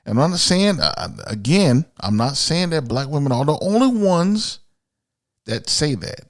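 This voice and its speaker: A man's voice: a little high, very animated, unhurried, dry recording, clean studio sound. A man from Miami hosting a podcast, ranting bluntly and profanely in an opinionated solo monologue. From Miami, USA. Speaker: podcast host.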